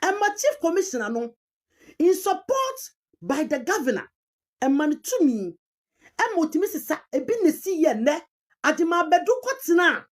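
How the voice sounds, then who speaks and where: A woman's voice: very high voice, big pitch swings, moderate pace. A woman with a Ghanaian accent giving emphatic commentary, repeating key terms and mixing languages as she argues a point. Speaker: commentator on chieftaincy history. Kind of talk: argumentative online commentary.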